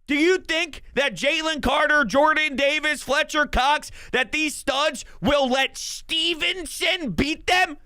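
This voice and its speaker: A man hosting a sports show, talking as a hyped fan who rambles, jokes and breaks into shouted bursts. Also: very high voice, takes it slowly, no echo. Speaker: sports podcast host. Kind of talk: excited sports talk monologue.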